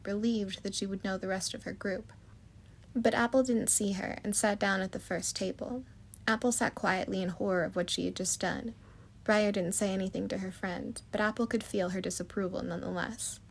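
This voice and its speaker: A woman narrating a fan-written story in a steady, descriptive way. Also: medium pitch, vocal fry. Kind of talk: storybook reading of fan fiction.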